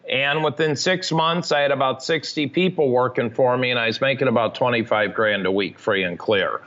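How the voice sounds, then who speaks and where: A man's voice: medium pitch, moderate pace, fairly bright tone, muffled recording. A man telling his life story frankly and matter-of-factly as a podcast guest. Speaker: podcast guest, recovery advocate. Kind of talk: candid storytelling interview.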